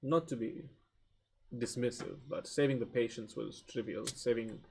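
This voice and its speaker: A man playing his character in a tabletop game, speaking formally and in a measured, aloof way. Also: medium pitch, creaky, a little hiss or hum. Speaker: player. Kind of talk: in-character roleplay.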